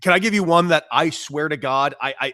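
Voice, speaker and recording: A man co-hosting a podcast from home in casual chat, enthusiastic and halting with restarts. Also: on the high side, bright, forceful tone, no room sound, studio quality. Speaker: podcast co-host.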